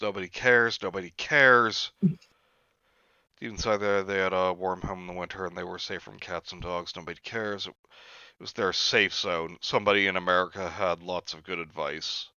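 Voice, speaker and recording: A man's voice: sits low, steady tone, moderate pace, pushed and bright, smooth, no echo. A man reading a story aloud for comedy, with sarcastic asides, on a slightly dull lo-fi recording. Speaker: reader.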